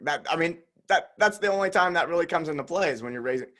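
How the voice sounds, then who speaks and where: A man with a slight Southern drawl hosting a podcast interview. He has a relaxed, pleasant manner and thinks aloud with many restarts. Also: fairly high pitch, quick pace. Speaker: podcast host. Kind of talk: casual conversational interview.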